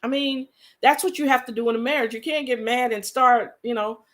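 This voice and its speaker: A woman's voice: on the high side, expressive, normal speed, fairly bright tone. Earnest woman talking casually to viewers. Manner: earnest, conversational, repeats points for emphasis. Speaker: vlogger. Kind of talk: casual talk to camera.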